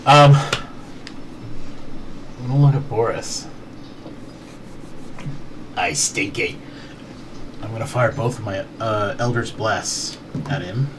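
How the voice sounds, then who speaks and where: A man playing a tabletop game, chatting in an animated way with frequent laughter. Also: on the low side, measured pace, pauses often. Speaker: player. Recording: distant mic with noticeable hiss.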